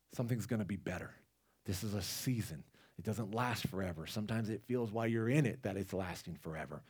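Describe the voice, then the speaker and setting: A man's voice: fairly low pitch, a little mellow. A man preaching a casual, conversational sermon, rambling with restarts and asides to the congregation. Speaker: lay preacher.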